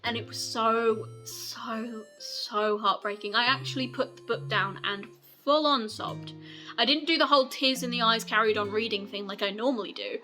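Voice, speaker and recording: A woman's voice: fairly high pitch, moderate pace, sharp tone, faint music behind. A woman book vlogger giving casual recommendations, gushing and rambling in a chatty way with frequent laughs.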